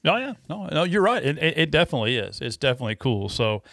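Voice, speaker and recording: A man's voice: a little high, very animated, quick pace, a bit bright, no echo. Rambling man, dry mic. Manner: rambling, laughing, self-interrupting. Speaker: podcast host. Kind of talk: casual podcast chat.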